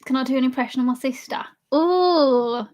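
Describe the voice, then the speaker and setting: A woman's voice: high voice, monotone, rapid-fire. A young woman live streamer chatting casually with her chat and laughing often while she drinks. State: drinking alcohol.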